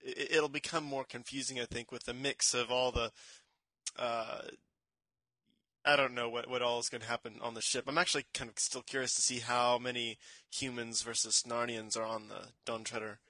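A man co-hosting a podcast in casual chat, animated and often stumbling over his words. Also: mid-range voice, normal speed, no room sound. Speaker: podcast co-host.

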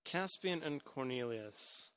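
A man's voice: mid-range voice, animated, slow, fairly bright tone. A man hosting a podcast, chatting casually about a film with many restarts and hedges. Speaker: podcast host.

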